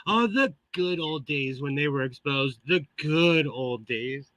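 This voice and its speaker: Streaming live from his home sewing room via a computer mic, a middle-aged man with a shrill, slightly bright voice chats casually and laughs while greeting viewers by name. He talks slowly and expressively, and the sound has no echo.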